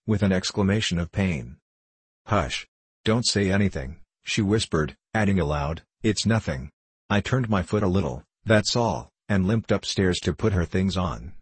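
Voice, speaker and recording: A man's voice: low voice, husky, no echo. A man reading a classic novel aloud as an audiobook narrator, giving the characters only slight shifts of voice. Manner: reads all characters in a near-plain voice with slight shifts. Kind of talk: scripted narration.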